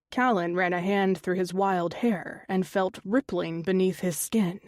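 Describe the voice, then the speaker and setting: A woman's voice: lowish voice, steady tone, a little slow, hardly any pauses, darkish tone, no room sound, clean studio sound. Woman reading a fantasy romance audiobook. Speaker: audiobook narrator. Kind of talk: scripted narration.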